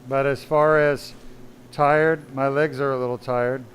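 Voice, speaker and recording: A man's voice: mid-range voice, little pitch movement, a little slow, a little hiss or hum. A man working as a spine surgeon who narrates a live-streamed operation, talking casually to viewers and his team while he works. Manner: chatty, self-deprecating, talks to viewers while working. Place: operating room.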